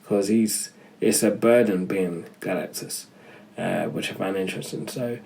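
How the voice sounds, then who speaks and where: A man's voice: low-pitched, unhurried, vocal fry, a little mellow, poor audio. A man giving a casual, rambling spoken film review, often losing his thread and correcting himself.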